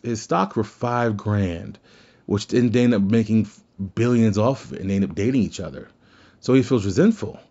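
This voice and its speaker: This podcast host's voice is lowish and mellow, with the highs cut off. He does casual solo commentary, thinking aloud in a rambling way and frequently starting his sentences over.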